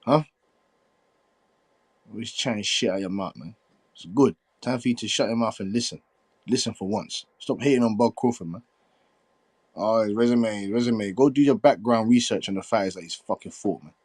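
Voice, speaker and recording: A man in a heated, profane boxing debate, combative and quick to laugh it off as banter. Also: lowish voice, a little mellow, no echo.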